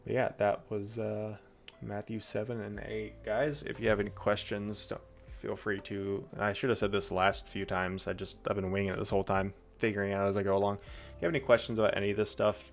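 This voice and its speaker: Fairly quick and flat, a man's lowish, gravelly voice reads Bible passages on a stream, interrupted by loose, chatty asides.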